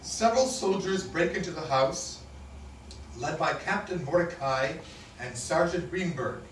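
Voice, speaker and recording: A man narrating the stage directions of a play in a plain, measured reading. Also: fairly high pitch, lively intonation, a little hiss or hum. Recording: echoey room, mic at a distance.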